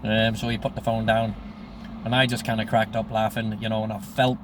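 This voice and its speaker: A man's voice: lowish voice, flat delivery, fairly quick, background noise. A man tells a story from his life in a rambling, profane way, often adding "you know what I mean". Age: 60s. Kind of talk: casual spoken memoir.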